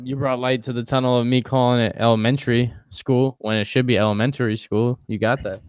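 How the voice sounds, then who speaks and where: Playful joking man, smooth voice. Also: mid-range voice, level tone, a little fast, no room sound, lo-fi sound. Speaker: podcast co-host. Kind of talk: casual chat.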